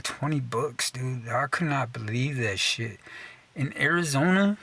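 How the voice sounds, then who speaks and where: A man's voice: mid-range voice, gravelly, fairly bright tone. A young man from Texas telling a casual, profane rant, swearing constantly, saying "dude" a lot and laughing at himself mid-sentence. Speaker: storyteller.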